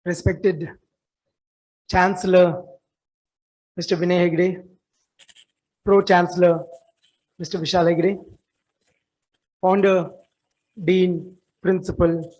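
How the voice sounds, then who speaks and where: Indian english guy, 40s, kinda high voice, rambling welcome speech w lots of uhs in an auditorium. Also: little pitch movement, a little mellow, low-quality recording. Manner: earnest, halting with many fillers and restarts. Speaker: alumnus giving a welcome speech. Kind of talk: formal welcome speech at an alumni meet.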